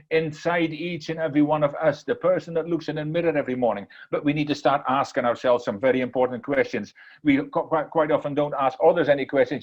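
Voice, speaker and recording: A man's voice: on the high side, darkish tone, muffled recording. A man giving an inspirational talk, repeating phrases earnestly and then telling a parable. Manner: earnest, repetitive, emphatic. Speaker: motivational speaker.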